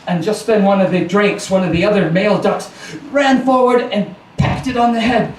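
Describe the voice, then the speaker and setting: Captured from a distance in a roomy live recording with slight background noise, a storyteller performs a folk tale for a small house-concert audience. His voice sits high, his pace is moderate with few pauses, and he keeps it playful with chatty asides.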